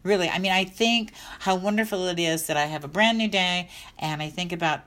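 Middle-aged lady vlogging, low-ish voice, chatty and upbeat, rambles a bit. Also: normal speed, fairly bright tone. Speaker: dog health coach. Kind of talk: casual vlog talk.

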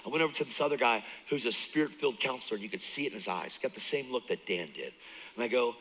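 A man preaching at a church service, telling his story with lots of laughs, swinging between loud bursts and hushed asides while he talks straight to the crowd. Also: mid-range voice, lively intonation, quick pace, husky, long reverb tail, low-quality recording. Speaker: guest preacher. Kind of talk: sermon, personal testimony.

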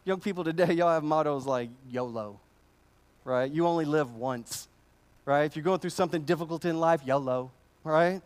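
Pastor, male, high-pitched, casual emphatic sermon delivery with frequent restarts. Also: normal speed, clean tone. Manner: conversational, emphatic, repeats phrases.

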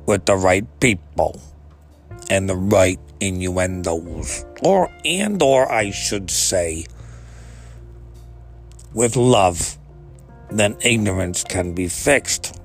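A man delivering a profane, exasperated comedic rant, swearing freely and climbing into outbursts. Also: on the low side. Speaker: ranting commentator.

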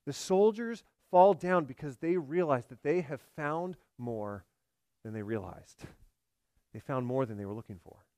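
A man preaching a sermon, swinging from loud emphatic lines to hushed, low delivery. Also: animated, measured pace, dry recording. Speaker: pastor.

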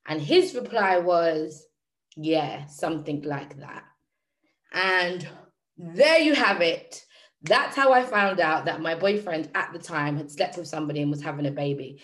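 A woman speaking to her audience, telling a personal story in a lively, emphatic, slangy way and often repeating phrases for effect. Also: on the low side, measured pace. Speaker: motivational speaker.

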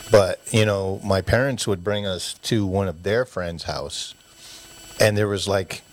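A man with a fairly low voice tells loose, rambling stories about growing up. He slips into his parents' voices as he acts out scenes, laughing along the way. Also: unhurried. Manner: animated storyteller who acts out parents' voices. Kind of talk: casual storytelling chat.

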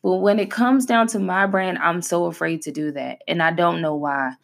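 A woman's voice: fairly low pitch, moderate pace, gravelly. A woman in her thirties hosting a podcast, talking candidly and from the heart in a casual, conversational way and stressing her points by repeating them. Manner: conversational and heartfelt, with emphatic repetition. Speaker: podcast host. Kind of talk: candid personal talk.

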